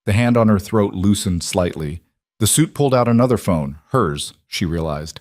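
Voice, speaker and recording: A man narrating a crime story in a measured, tense scripted read. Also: fairly low pitch, lively intonation, a little mellow, no echo, studio quality.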